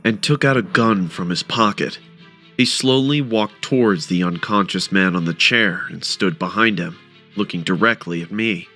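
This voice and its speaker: A man narrating a first-person horror story with a dramatic, expressive delivery. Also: deep voice, moderate pace, faint music behind.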